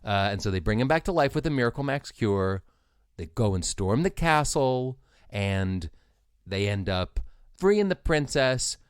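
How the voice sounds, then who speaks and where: A man co-hosting a podcast, retelling a film's plot in a playful, lively casual chat. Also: mid-range voice, clear, resonant tone, no room sound, clean studio sound. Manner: lively, playful, slips into quick character voices. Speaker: podcast co-host.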